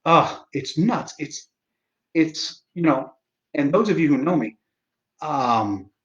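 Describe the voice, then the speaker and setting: A man's voice: a little high, expressive, fairly bright tone, dull audio. Sarcastic, swearing man in his forties. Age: 40s. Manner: sarcastic, profane, halting with many fillers. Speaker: livestream host. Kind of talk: casual livestream chat.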